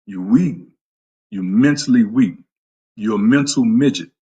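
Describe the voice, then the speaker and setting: A man talks to his viewers as a fitness trainer on a casual stream, in a lowish, husky voice. He is blunt and profane, trash-talking his audience about getting in shape. He breaks off to greet people by name. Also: measured pace, mellow, highs cut off.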